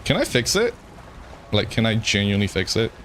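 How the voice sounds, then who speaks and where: A man's voice: lowish voice, very animated, a little fast, fairly bright tone, a little hiss or hum. A man streaming a game, giving rambling, self-mocking commentary and chuckling often. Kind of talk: gameplay commentary.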